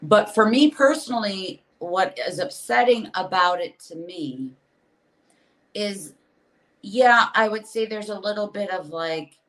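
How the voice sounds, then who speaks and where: Lady comic on a podcast, mid pitch, venting and acting out what she'd say. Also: a little slow, rough recording. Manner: candid, animated venting with acted asides. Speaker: comedian guest. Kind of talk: casual podcast chat.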